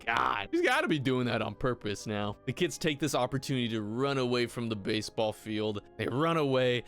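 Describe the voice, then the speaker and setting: A man's voice: medium pitch, sing-song, fairly quick, few pauses, a bit bright, soft background music. A man recapping a TV episode for a video in a casual, mocking, irreverent way. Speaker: YouTube commentator.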